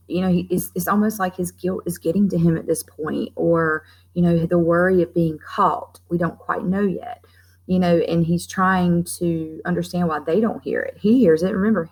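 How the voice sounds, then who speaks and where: A woman with a somewhat low voice walks her class through a story. She explains casually, with frequent fillers and restarts, as a teacher. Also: darkish tone, husky, poor audio. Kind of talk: classroom literature lesson.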